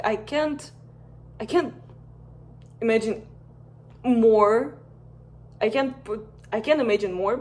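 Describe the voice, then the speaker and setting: A young woman telling a fan-made story like a bedtime tale, in a soft, unhurried voice at an everyday pitch. She wanders into casual, rambling asides to her viewers between scenes. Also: slight background noise. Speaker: fan content creator. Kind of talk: reading a bedtime-story scenario and chatting.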